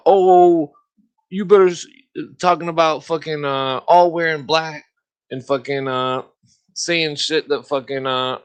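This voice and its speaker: A man hosting a podcast in a rambling, profane solo rant, heavy on filler words and throat-clearing. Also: a little high, fairly bright tone. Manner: mocking sneer when imitating opponents. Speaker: podcast host.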